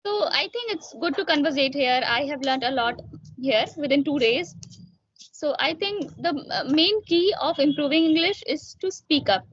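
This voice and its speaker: A young woman, a student, talking in a casual practice conversation and speaking carefully with many filler pauses. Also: high-pitched, lively intonation, fairly bright tone, dry recording. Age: young adult. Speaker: student learner. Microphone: online voice call. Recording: dry, dull call audio.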